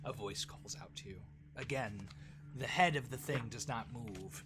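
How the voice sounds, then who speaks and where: A man's voice: medium pitch, unhurried, background noise. A man narrating a tabletop role-playing game as game master, in a casual, descriptive way with frequent fillers.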